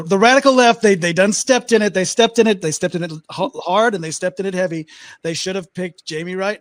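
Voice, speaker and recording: A man's voice: high voice, dry recording, lightly acted. A man doing a comic impression of a blustering male political candidate, repeating himself in boastful rally-speech style.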